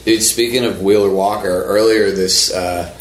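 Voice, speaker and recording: Laid-back man, low voice. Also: fairly even intonation, normal speed, roomy sound. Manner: laid-back storytelling, profane. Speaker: touring musician. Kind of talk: casual podcast chat.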